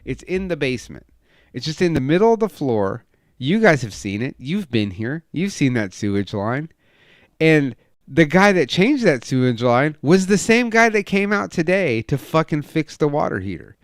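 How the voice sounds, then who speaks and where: Profane, animated man telling a story. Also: moderate pace, dry recording, clean studio sound. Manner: profane, animated storytelling, acts out quotes with loud raised pitch. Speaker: podcast co-host. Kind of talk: casual chat, storytelling.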